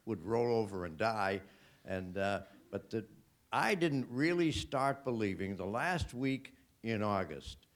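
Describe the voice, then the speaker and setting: A man on a panel recalling a baseball season, talking earnestly with many filler pauses. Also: fairly low pitch. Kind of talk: reminiscing on a panel. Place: hotel event room.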